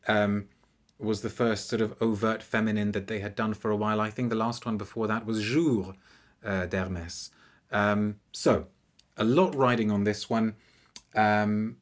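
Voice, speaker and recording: A man hosting an unscripted live review, chatty and animated, with frequent restarts. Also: lowish voice. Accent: non-French, anglicised French pronunciation.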